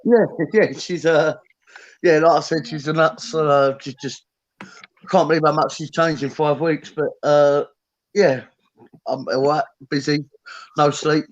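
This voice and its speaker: Guy guest on a live stream, kinda high voice, stop-start, muffled lo-fi sound. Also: fairly even intonation. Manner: halting, lots of fillers. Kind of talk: casual livestream chat.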